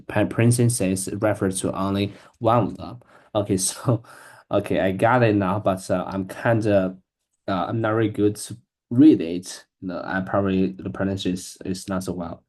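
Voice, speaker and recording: A man practicing English reading aloud, speaking in a halting, hesitant way with many restarts. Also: fairly low pitch, darkish tone. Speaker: English learner.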